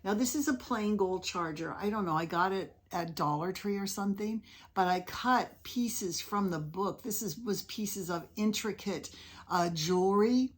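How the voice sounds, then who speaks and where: A woman's voice: mid-range voice, measured pace. A woman hosting a casual crafting vlog, chatty and enthusiastic as she shows off her handmade pieces. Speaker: craft video host.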